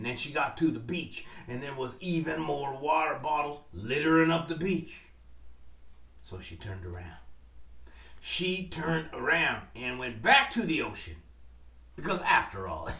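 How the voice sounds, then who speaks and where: A man's voice: mid-range voice, sharp tone, recorded from a distance. A man telling a story to listeners, dramatic and calling out to them. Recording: roomy, from off mic.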